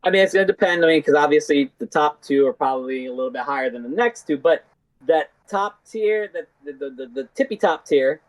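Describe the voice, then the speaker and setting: Male podcast guest, halting casual delivery, dry recording. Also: fairly high pitch, lively intonation, no room sound, poor audio. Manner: hesitant, halting, with many fillers and restarts. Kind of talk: casual fantasy football chat.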